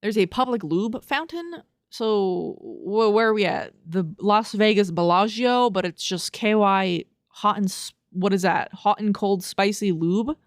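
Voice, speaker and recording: A woman's voice: mid-range voice, steady tone, measured pace, few pauses, no echo, studio quality. A young woman hosting a casual solo podcast, reading review quotes aloud and reacting with profane, laughing disbelief. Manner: incredulous, profane, laughing at what she reads; reads review quotes aloud and riffs on them. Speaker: podcast host.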